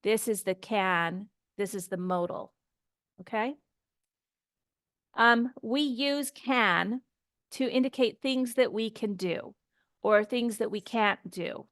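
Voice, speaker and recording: A woman's voice: mid-range voice, takes it slowly, pauses often, a bit bright, dry recording, studio quality. A woman teaching an English grammar lesson, explaining patiently and repeating example phrases to model pronunciation.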